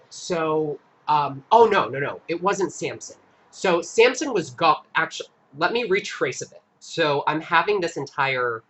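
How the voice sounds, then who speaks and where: A man hosting a live stream, earnestly recounting an experience in a halting, casual way with frequent restarts. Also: medium pitch, fairly bright tone. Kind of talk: casual storytelling.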